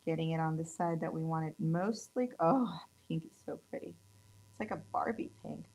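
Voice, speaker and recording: A woman's voice: low voice, normal speed, darkish tone, low-quality recording. A woman in her thirties from California, chatting upbeat through a casual nail tutorial demo. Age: 30s. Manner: chatty and upbeat, gushes over colors. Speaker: nail tech instructor.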